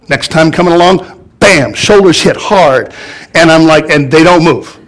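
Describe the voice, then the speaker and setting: Guy pastor preaching, kinda high voice, laughs at his own stories, very animated. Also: measured pace, pauses often. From United States. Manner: animated storytelling with laughs and acted-out quotes. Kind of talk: sermon.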